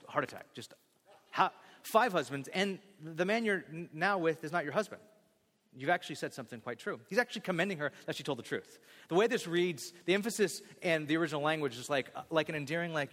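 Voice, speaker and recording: This pastor is a fast talker with a fairly high voice, and the church sanctuary gives him a big-room sound. His sermon is animated, full of acted-out scenes and jokes shared with the congregation.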